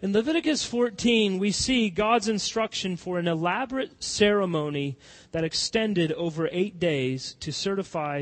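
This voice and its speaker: A man preaching a sermon as pastor, swinging from loud impassioned cries to soft, hushed pleading. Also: a little high.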